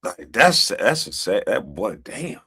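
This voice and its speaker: A man's voice: fairly low pitch, big pitch swings, takes it slowly, pushed and bright, breathy edge. A man streaming commentary on video clips, taunting and dismissive. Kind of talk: casual reaction commentary.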